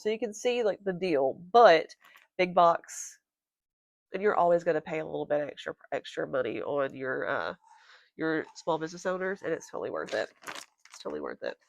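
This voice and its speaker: A woman vlogging about crochet in a casual, rambling, chatty way. Her voice is congested and nasal. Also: fairly low pitch. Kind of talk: casual show-and-tell chat.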